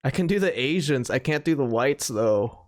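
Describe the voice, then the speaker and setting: Excitable American man, mid-pitch, casual cursing podcast banter. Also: moderate pace. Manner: excitable, swears a lot, says dude often. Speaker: podcast co-host. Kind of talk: casual chat.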